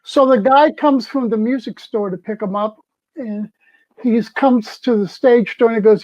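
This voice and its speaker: A man's voice: very high voice, moderate pace, no echo. A man in his seventies, a former festival crew member, tells a story casually and acts out the people he quotes. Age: 70s. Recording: dull, dry lo-fi sound.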